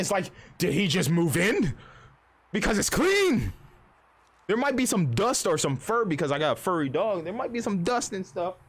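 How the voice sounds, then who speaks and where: A man's voice: high-pitched, a bit bright. A man in his thirties chatting casually on a livestream, rambling and swearing, often acting out other people's voices. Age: 30s. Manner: rambling and profane, acting out voices mid-story. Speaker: streamer.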